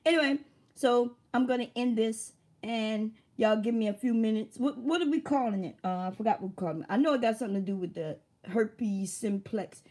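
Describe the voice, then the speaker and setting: A woman's voice: fairly high pitch, brisk, mellow. A woman hosting a casual livestream, who chats loosely, laughs often and swears freely. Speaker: livestream host.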